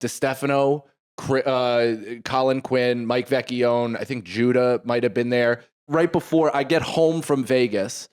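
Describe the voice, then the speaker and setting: A man co-hosting a comedy podcast, telling a story in an animated way, acting out both sides and swearing freely. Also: medium pitch, measured pace, hardly any pauses, smooth.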